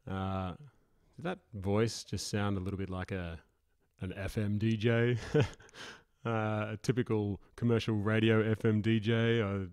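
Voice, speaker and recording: A man's voice: fairly low pitch, level tone, normal speed, darkish tone, no echo, studio quality. A man hosting a podcast on his own, rambling casually with many fillers and chuckling at himself. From Australia. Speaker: podcast host. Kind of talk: casual solo podcast intro.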